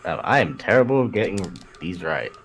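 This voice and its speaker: A young man with a low voice that still moves a lot in pitch. He walks a friend through a fighting game in a relaxed, chatty way, explaining how its systems work. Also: a little fast. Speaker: guest coach. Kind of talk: casual coaching during gameplay.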